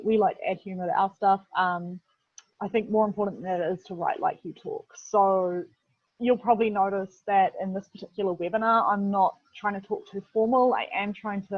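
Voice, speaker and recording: This is a casual, chatty webinar lesson from a New Zealand woman who heads video production, speaking at a medium pitch with no echo. Fillers crop up constantly, as does the word "literally." It's captured as dull, dry, lo-fi video-call audio.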